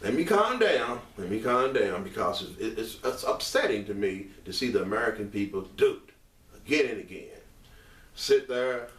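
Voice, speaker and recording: A man delivering an impassioned monologue straight to camera, emphatic and repetitive, rising to raised outbursts and settling into earnest quieter stretches. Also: lowish voice, animated, normal speed, distant mic. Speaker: online commentator. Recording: echoey room, mic set back.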